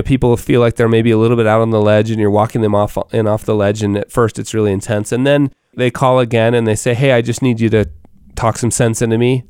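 A man's voice: medium pitch, a little mellow, clear, resonant tone, dry recording, clean studio sound. A man who works as a financial advisor, talking casually to other advisors, repeating himself and tossing in frequent "right?" asides. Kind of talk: coaching talk to fellow advisors.

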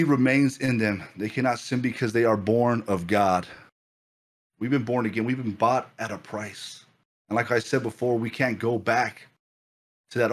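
A man preaching a fervent sermon as pastor, repeating phrases and building excitement. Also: medium pitch.

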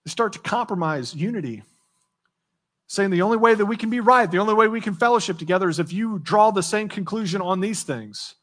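A man's voice: high voice, animated, a little fast, a bit bright. A man in his thirties preaching a sermon as pastor, earnest and conversational, with frequent restarts. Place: church sanctuary.

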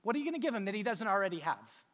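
Pastor, male, high voice, emphatic preaching with repetition, big reverberant hall. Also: big pitch swings, racing, a bit bright. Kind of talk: sermon. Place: church hall with a stage.

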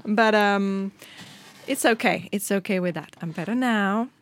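A woman's voice: medium pitch, unhurried. A middle-aged woman, co-hosting a casual chat and telling a story with quoted dialogue. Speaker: podcast co-host.

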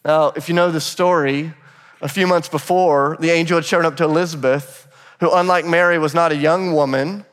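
A man pastor giving a sermon, telling the story with animated, conversational energy and briefly acting out quoted voices. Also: a little high, normal speed, big-room sound. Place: church sanctuary.

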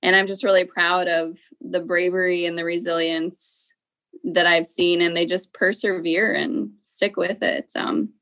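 A woman's voice: on the low side, flat delivery, unhurried, a bit bright. A woman educator speaking earnestly in an interview, reflecting aloud with frequent filler phrases. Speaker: school educator.

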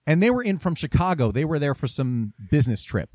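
A man's voice: a little high, sing-song, fast talker, darkish tone, no echo. A man casually chatting and telling a story as a podcast host, laughing often. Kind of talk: casual chat.

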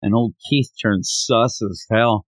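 A man's voice: lowish voice, slow, dry recording. A man hosting a podcast, retelling a manga chapter in casual chat and acting out the characters. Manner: animated storyteller, acts out the characters' lines. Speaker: podcast host.

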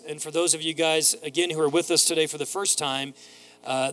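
Bright high-voiced male pastor preaching. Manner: animated storytelling, acting out voices in anecdotes. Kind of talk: sermon.

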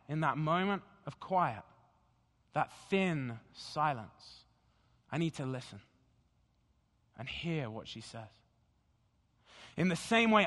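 A pastor speaking slowly and deliberately in a sermon, guiding the congregation through a scripture meditation. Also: male voice, a little high. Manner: slow, deliberate and gentle. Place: church sanctuary. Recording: long hall reverb.

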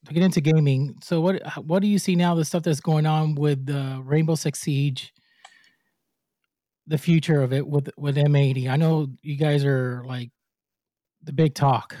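Chatty host, fairly high voice, dark tone. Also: male voice, no echo, studio quality. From United States. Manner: chatty, stumbles while reading a bio, laughs often. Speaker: podcast host. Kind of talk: casual interview.

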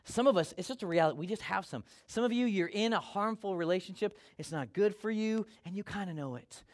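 A man delivers a sermon as a pastor, his voice sitting high for a man. He talks to the congregation in an easy, conversational way and slips into little acted voices for the people he quotes. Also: a little fast.

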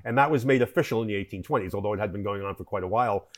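A man who imports wine appears as a podcast guest in a conversational interview, explaining history at length. His voice sits on the low side and comes out rapid-fire, with many fillers and restarts.

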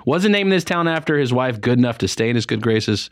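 Lively, joking male radio host. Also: mid-range voice, fairly quick, dry recording, clean studio sound. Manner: joking, playful, teasing asides. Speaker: radio morning show host. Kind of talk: casual radio banter. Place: radio studio. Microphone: studio microphone.

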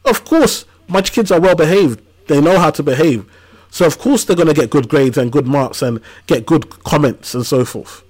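A man in his thirties, a podcast guest who tells lively stories in casual slang. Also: a little high, normal speed. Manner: animated storytelling with casual slang. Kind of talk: casual conversational interview.

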